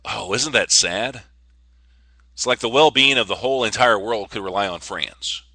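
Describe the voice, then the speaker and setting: A man's voice: on the low side, normal speed, sharp tone, no echo. A man hosting a casual solo podcast, rambling and joking with frequent stammers and restarts. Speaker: podcast host.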